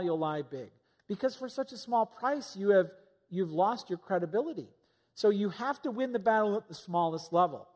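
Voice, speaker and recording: High-voiced preacher man in a reverberant hall. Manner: conversational, asks rhetorical questions. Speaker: pastor. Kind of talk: sermon.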